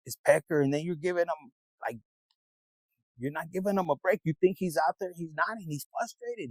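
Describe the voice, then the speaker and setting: A man's voice: high voice, normal speed, no echo, rough recording. A man giving a casual tarot reading, rambling and streetwise, swearing freely as he talks to viewers. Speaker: tarot reader.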